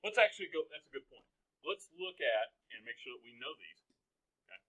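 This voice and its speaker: Man, teacher lecturing a class; bright, joking, keeps asking students questions. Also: mid-range voice, very animated, fairly quick, poor audio. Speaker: high school chemistry teacher.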